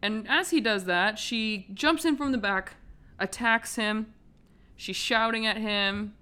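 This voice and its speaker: Woman podcaster, bright crisp voice, chatty and sweary film recap. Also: mid-range voice, takes it slowly. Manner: swearing, animated retelling with filler words. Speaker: podcast host.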